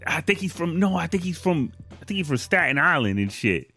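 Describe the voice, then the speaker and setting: A man hosting a podcast in casual chat, laid-back and quick to laugh, talking in loose slang. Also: a little high, big pitch swings, bright, forceful tone, husky, faint music behind. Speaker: podcast host.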